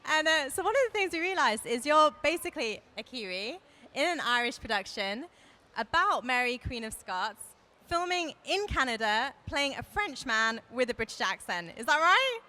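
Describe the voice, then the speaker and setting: A woman's voice: high voice, big pitch swings, normal speed, bright, forceful tone. A woman interviewing an actor, asking upbeat questions and giggling often. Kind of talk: casual interview chat.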